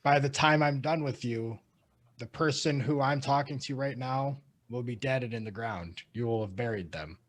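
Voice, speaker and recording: A man playing a soft-spoken painter turned calm, menacing drill sergeant. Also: medium pitch, normal speed, lightly acted. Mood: calm menace.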